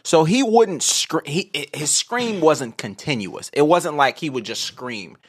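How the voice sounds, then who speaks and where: A man's voice: on the high side, expressive, a little slow, slightly rough. A man co-hosting a podcast, telling a story in casual, profane chat and laughing through it. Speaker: podcast co-host.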